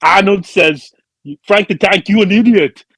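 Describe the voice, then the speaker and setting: A man's voice: very high-pitched, sing-song, very fast, fairly bright tone, slightly rough, dry recording, studio quality, exaggerated voice. A man doing a brash muscleman ex-governor impression. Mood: mocking. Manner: mock-tough, rambling insults. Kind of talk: podcast bit.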